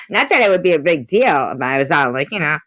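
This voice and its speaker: A woman's voice: deep voice, a bit bright, no echo, rough recording. Chatty, teasing woman with a dry sound. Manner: chatty, teasing, trails off mid-sentence. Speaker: podcast co-host. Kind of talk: casual chat.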